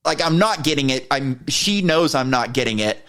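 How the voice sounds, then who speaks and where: A man's voice: medium pitch, moderate pace, clear, resonant tone. Man ranting through a podcast story. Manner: profane, heated retelling of an argument; animated when quoting himself. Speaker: podcast co-host. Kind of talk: casual storytelling chat.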